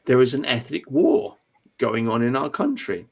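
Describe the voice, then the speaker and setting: English man, mid-pitched, host of a live chat stream, emphatic and ranty, stumbles and restarts often. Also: very animated, moderate pace, gravelly, husky. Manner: emphatic, ranting, with repeated restarts. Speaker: livestream host. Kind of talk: casual political chat.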